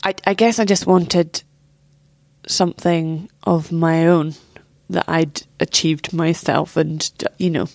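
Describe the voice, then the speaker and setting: A young woman recounts a painful personal story in an interview, speaking candidly and swearing freely as she acts out what others said. Her voice sits a little low, and the recording is close and dry, with no room sound. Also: steady tone, slow pace, creaky, darkish tone, dry recording. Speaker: interview guest.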